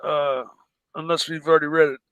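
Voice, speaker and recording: Hesitant man with a smooth voice. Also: on the high side, little pitch movement, fairly quick, fairly bright tone, dull audio. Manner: hesitant, full of ums and restarts. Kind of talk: casual livestream chat.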